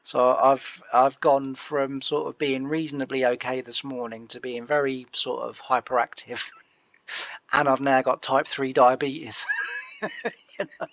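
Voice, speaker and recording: Man, gravelly, rambling and self-mocking, laughs often, gaming commentary, lo-fi mic. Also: medium pitch, level tone, measured pace, a bit bright. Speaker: farming game let's-player.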